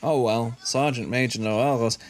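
A man's voice: mid-range voice, normal speed. A man swearing and muttering through casual commentary as he plays a game. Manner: sweary, animated, mutters under his breath. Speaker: gamer.

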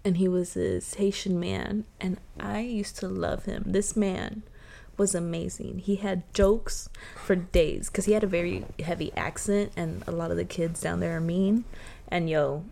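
A young woman co-hosting a podcast, telling stories in an animated, laughing, casual way with plenty of swearing. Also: on the low side, measured pace, vocal fry. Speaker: podcast co-host. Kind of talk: casual chat. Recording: faint background noise.

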